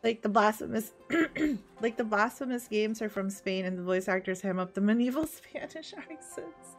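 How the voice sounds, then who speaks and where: Brief: young female streamer, mid-pitched, chatty, giggly, casual. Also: expressive, normal speed, soft background music. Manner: chatty, laughs often, greets chat. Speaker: VTuber streamer. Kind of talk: casual game-stream chat.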